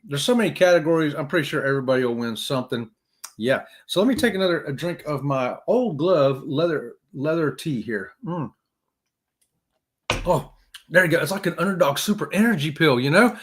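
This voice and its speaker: A man's voice: fairly high pitch, animated, brisk. A man hosting a casual live-stream chat, jokey and talkative, greeting viewers by name.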